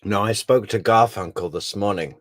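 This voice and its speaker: A man's voice: fairly low pitch, moderate pace, dry recording. A man giving true crime commentary over played recordings, with dry, mocking asides.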